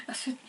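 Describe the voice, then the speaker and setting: A Scottish woman working as a psychic medium, talking in a halting, repetitive way and laughing often. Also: pushed and bright, distant mic, poor audio. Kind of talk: channelling session, casual monologue.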